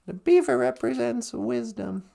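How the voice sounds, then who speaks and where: A woman storyteller with a high, gravelly voice, telling a folk tale at an unhurried pace. She talks chatty and humorous, like she's chatting with friends. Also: very animated, warm tone. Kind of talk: casual storytelling.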